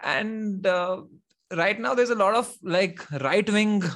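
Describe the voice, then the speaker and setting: High-voiced animated young Indian man. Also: slow. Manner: animated, swears casually, laughs often. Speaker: host. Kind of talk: casual chat.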